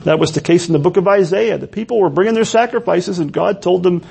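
A man's voice: high-pitched, fast, vocal fry, a little mellow, husky. A man preaching a sermon in a church, earnest and full of rhetorical questions. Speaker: pastor.

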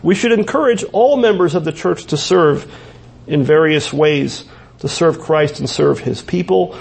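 Male pastor, raised pitch, raspy tone, conversational sermon delivery. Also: unhurried. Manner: conversational preaching with frequent restarts and asides. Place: church.

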